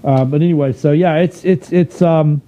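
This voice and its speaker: A man's voice: a little high, steady tone, normal speed, dark tone. A man hosting a casual group chat show, playful and steering the talk. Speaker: host.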